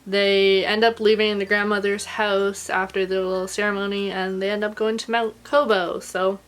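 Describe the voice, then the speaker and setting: A woman recording a casual video review, chatty and gushing, filling her talk with "like" and letting her pitch climb when she gets emotional. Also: flat delivery, normal speed. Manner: chatty and gushing, heavy use of "like". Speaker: anime reviewer.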